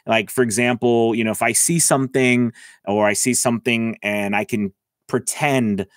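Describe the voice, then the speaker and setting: A man giving a casual voice-over lesson, talking into a close mic and filling pauses with "all right" and "okay". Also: mid-range voice, steady tone, no room sound. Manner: chatty, lots of "all right" and "okay" fillers. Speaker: voice-over coach. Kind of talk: casual tutorial talk. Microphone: close mic, about six inches away.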